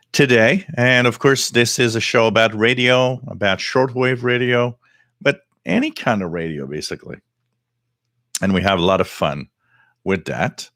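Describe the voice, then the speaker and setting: A man's voice: deep voice, fairly bright tone, dry recording, clean studio sound. A middle-aged French Canadian man, French his first language, hosting a live radio hobby stream in casual, rambling chat with many fillers. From Quebec, Canada. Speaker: host.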